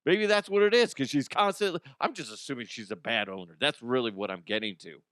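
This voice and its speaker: A man's voice: mid-range voice, fairly quick, fairly bright tone, clear, resonant tone, no room sound, clean studio sound. A man hosting a comedy show, ranting casually in an exasperated way and swearing freely. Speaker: comedy podcast host.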